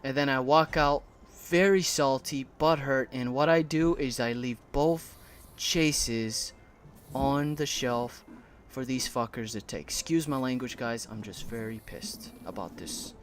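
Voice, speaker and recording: A man telling a heated, animated story about a bad collecting experience, his voice shaking with anger and peppered with swearing. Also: mid-range voice, measured pace, slight background noise. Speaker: collector vlogger. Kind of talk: casual storytime.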